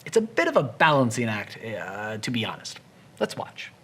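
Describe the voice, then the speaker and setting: A literature explainer giving a casual book summary with wry, chatty asides, dropping to a hushed tone for dark scenes. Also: medium pitch, very animated, moderate pace, breathy edge.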